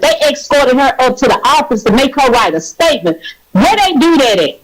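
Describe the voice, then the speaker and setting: Caller: high-pitched woman, riled up and cussing, recounts a workplace fight. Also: animated, fairly quick, poor audio. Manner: agitated, profane retelling with acted quotes. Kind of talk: phone-in storytelling.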